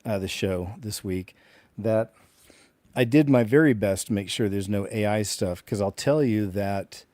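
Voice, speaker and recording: A male host giving casual, rambling commentary that trails off quietly. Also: lowish voice, measured pace, no echo, studio quality.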